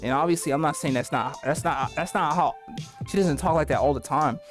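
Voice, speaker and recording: Woman host with a very low voice, slangy and animated, music playing clearly under her. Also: fairly quick. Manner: slangy, animated, says bro a lot. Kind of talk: casual commentary.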